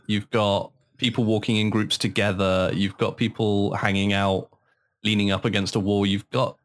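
A man co-hosting a casual podcast chat, talkative and quick to laugh, letting his voice drop low and soft at the ends of lines. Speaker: podcast co-host. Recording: audio taken from a live stream.

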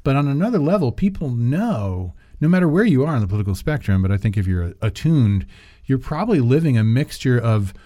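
A man co-hosting a podcast in casual chat, dropping wry deadpan asides and rambling into rants. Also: medium pitch, a little fast, no room sound, clean studio sound. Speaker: podcast co-host.

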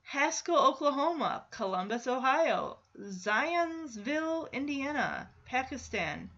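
Bright, excitable woman podcast host. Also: sits high, takes it slowly, muffled recording. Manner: chatty and excitable, with frequent laughs. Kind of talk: casual solo podcast chat.

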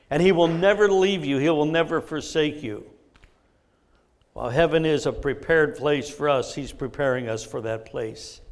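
A middle-aged man preaching a sermon, telling a personal story and reading scripture in an earnest way. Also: on the high side. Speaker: pastor.

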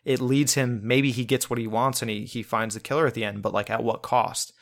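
A man's voice: medium pitch, fairly even intonation, a little fast, gravelly, fairly bright tone. A man co-hosting a casual film review podcast, talking in a rambling way with many restarts and fillers. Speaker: podcast co-host.

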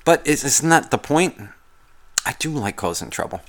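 A man's voice: fairly high pitch, sing-song, moderate pace, fairly bright tone. A man hosting a podcast, talking in a casual, rambling, profane monologue full of complaints. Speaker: podcast host.

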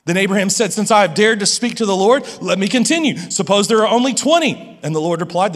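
High-voiced preacher in an echoing hall. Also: male voice, fast talker, few pauses. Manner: animated preaching with many restarts and stammers. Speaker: pastor. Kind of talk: sermon.

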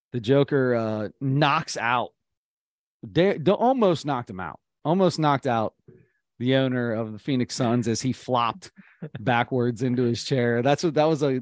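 A man's voice: medium pitch, no echo, studio quality. A man co-hosting a casual sports podcast. He jokes a lot and tells stories by acting out the quotes. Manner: joking, animated storytelling with acted-out quotes. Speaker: podcast co-host.

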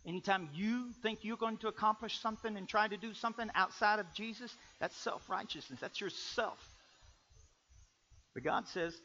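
A male pastor preaching with a bright, forceful, fairly high voice. He swings between loud bursts and quiet, confiding asides. The recording sounds dull and lo-fi. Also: moderate pace, a little hiss or hum. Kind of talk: sermon.

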